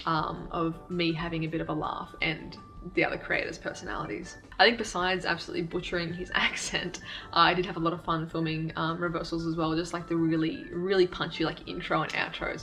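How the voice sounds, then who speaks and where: Flat-toned woman vlogging. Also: low voice, brisk, vocal fry, soft background music. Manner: candid, self-deprecating, laughs often. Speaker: YouTube creator. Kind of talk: casual reflective vlog talk.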